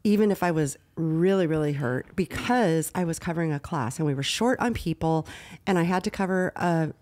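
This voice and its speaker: Chatty woman with a low voice telling a story. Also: moderate pace. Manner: rambling, animated retelling with quoted dialogue. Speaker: podcast co-host. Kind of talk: casual chat, storytelling.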